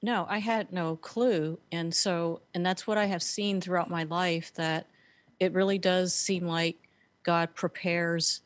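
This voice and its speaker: Earnest woman with a low voice. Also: steady tone, slow pace, no echo. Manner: earnest storytelling with frequent fillers. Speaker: guest, author and speaker. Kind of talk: conversational interview.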